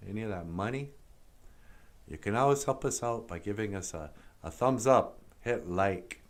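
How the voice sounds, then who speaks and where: A man hosting a puppet show, musing wryly in a drawling, self-mocking way. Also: mid-range voice. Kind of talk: casual musing monologue.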